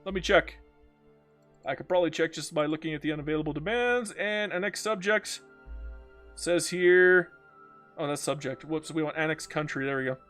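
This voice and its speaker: A man with a high-pitched voice talks through a strategy game. He chats loosely, jokes at the screen and reads out viewer comments. Soft music plays faintly behind him. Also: moderate pace. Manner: chatty, joking, reads chat aloud, breaks into silly mock voices. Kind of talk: live gameplay commentary.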